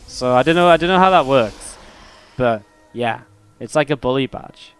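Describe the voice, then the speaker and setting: Chatty male game caster, smooth voice. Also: mid-range voice, expressive, normal speed, faint music behind. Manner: rambling, chatty, laughs at own stories. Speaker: esports caster and streamer. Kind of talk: solo game commentary with chat banter.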